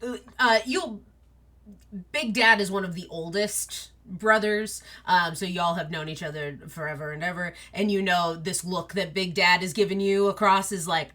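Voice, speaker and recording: A woman's voice: on the low side, steady tone, normal speed, sharp tone. A woman narrating a tabletop role-play game as game master, casual with many fillers.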